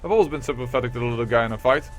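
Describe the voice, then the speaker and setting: A man's voice: mid-range voice, very fast, faint music behind, voice pushed down, natural voice. A man voicing a brash, defiant Irish ex-smuggler woman, putting on an Irish accent while reading game dialogue aloud. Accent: Irish, put on. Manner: slangy, blunt, swaggering.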